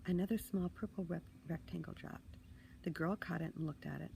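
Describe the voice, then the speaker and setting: Gravelly-voiced woman reading a story. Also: on the low side, brisk, slight background noise, poor audio. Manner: expressive, dips into hushed asides. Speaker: author.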